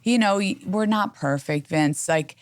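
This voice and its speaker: A woman's voice: lowish voice, unhurried, dry recording, clean studio sound. A middle-aged woman, a company head talking as a guest, effusive and chatty with many restarts. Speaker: brokerage CEO guest. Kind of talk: casual interview chat.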